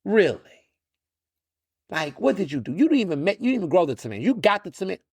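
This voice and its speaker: Quick and husky, this man's high voice comes through with no room sound. He's a podcast host from Texas delivering sardonic, opinionated solo commentary, animated and full of mocking asides, frequently restarting and repeating himself.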